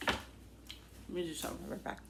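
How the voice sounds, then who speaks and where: Middle-aged woman, chatty home-cooking vlogger, heard from across a roomy kitchen with steady noise behind her. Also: fairly quick. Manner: chatty, thinks aloud, addresses viewers as guys. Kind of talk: casual chat while cooking. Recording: echoey, distant, noisy kitchen.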